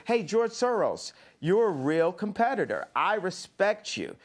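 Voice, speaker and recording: A man's voice: high voice, big pitch swings, a little slow. A man from the United States answering in a heated interview, insistent and rambling, refusing to be cut off. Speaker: interview guest.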